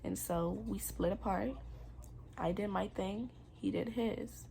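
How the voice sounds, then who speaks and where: A woman's voice: medium pitch, takes it slowly, gravelly, mellow, slight background noise. A young woman candidly telling a painful personal story in a confessional vlog, emotional and rambling.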